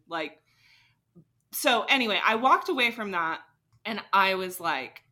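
Young woman, podcast co-host. Bright, sharp tone; animated, acts out dialogue. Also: mid-range voice, a little slow, long pauses. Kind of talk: casual storytelling.

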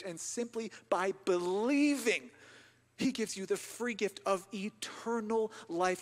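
Impassioned man preaching in an echoing hall. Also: high-pitched. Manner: impassioned, swings from hushed to loud. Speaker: pastor. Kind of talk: sermon. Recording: long reverb of a large hall.

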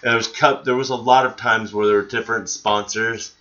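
A man's voice: lowish voice, brisk, muffled recording, a little hiss or hum. A man telling a story in casual podcast chat, acting out the people in it. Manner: animated storyteller, acts out voices in his stories.

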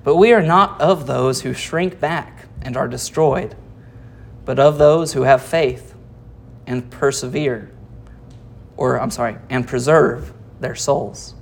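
A pastor gives an expository sermon in a medium-pitched voice, reading verses aloud before explaining them and posing rhetorical questions to the congregation. The delivery is slow, with noticeable vocal fry.

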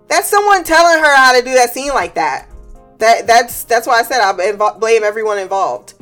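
A woman's voice: fairly high pitch, a little fast, fairly bright tone, soft background music. A woman hosting a show, ranting bluntly and heatedly, with lots of swearing. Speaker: host. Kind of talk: ranting commentary.

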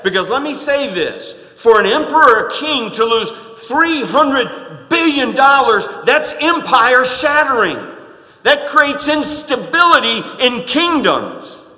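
A man preaching a sermon in a folksy, emphatic way, dropping to quiet asides and then rising to loud stresses. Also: extremely high pitch. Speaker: pastor. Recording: echoey hall with long reverb.

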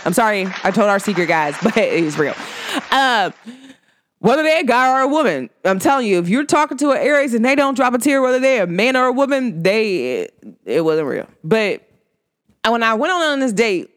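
A woman's voice: fairly high pitch, normal speed. Chatty woman hosting a spiritual podcast. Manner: animated storytelling, filler-heavy with frequent "like". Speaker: podcast host. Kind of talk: casual spiritual chat.

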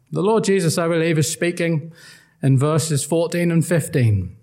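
A man's voice: on the high side, a little mellow. A man preaching an earnest, emphatic gospel sermon and quoting old-style scripture.

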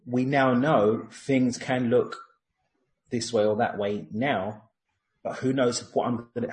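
A man with a mid-range voice, captured in a low-quality recording, muses in casual conversation about something he realized, earnestly voicing his own inner thoughts.

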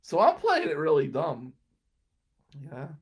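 A man's voice: fairly high pitch, huge pitch swings, takes it slowly, slightly rough. A young man telling a rambling personal anecdote and laughing between lines. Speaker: storyteller. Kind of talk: casual anecdote.

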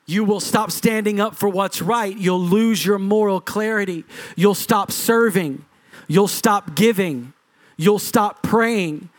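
A middle-aged man preaching a sermon as lead pastor, driving his points with punchy repetition and swings in pitch and loudness. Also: takes it slowly.

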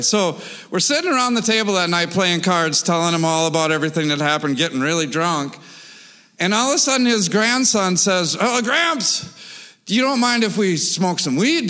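A man casually telling a wild story with animated, profane delivery, full of sound effects and repetitions. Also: a little high, big-room sound.

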